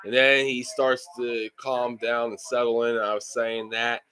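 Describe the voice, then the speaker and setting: A man's voice: medium pitch, level tone, moderate pace, pushed and bright. Ranting, swearing male sports streamer. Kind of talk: live-stream game reaction.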